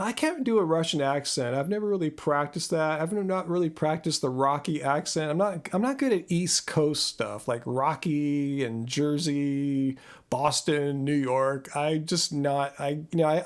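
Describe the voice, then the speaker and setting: With a fairly high-pitched voice, a Southern Californian host takes questions on a live stream using his own microphone. He chats casually, laughs often, and stumbles over repeated words while restarting his sentences.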